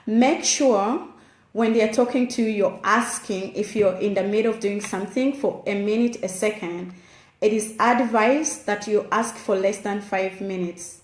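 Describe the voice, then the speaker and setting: A woman's voice: medium pitch, normal speed. Earnest woman giving parenting tips, roomy echo. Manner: direct and earnest, addresses listener as "you". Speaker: parenting advice speaker. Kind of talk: instructive advice talk.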